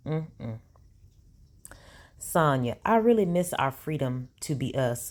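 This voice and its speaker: Slow, low-voiced woman reading texts aloud. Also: expressive, a little mellow. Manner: sassy, incredulous asides. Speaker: commentary vlogger. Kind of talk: reading text messages aloud with commentary.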